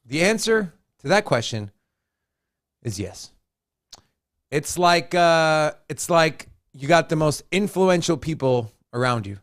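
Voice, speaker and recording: A man's voice: medium pitch, dry recording, studio quality. A man co-hosting a casual crypto chat, joking and teasing as he lays out his opinions. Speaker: co-host.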